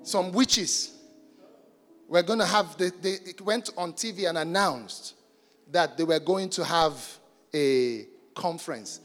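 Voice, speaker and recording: High-voiced preacher shouting in a hall. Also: male voice, slow, soft background music. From Nigeria. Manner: animated, jokey, shouts for emphasis and stretches words. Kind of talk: sermon.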